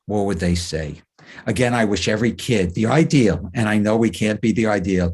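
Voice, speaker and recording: A man's voice: lowish voice, a little fast, slightly rough. A man, a clinical psychologist, giving a webinar talk full of anecdotes and acting out quotes. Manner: animated storyteller who acts out quotes. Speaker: clinical psychologist, guest speaker.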